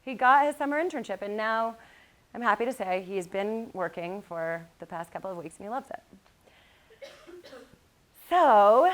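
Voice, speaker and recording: A woman giving a motivational keynote to college students, mixing lively storytelling with calm guided meditation passages. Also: mid-range voice. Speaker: motivational speaker.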